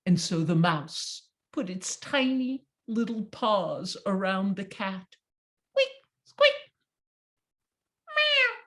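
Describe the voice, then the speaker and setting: A woman's voice: mid-range voice, slow, few pauses. A woman storyteller performing a folk tale, animating it with character voices and straining sounds.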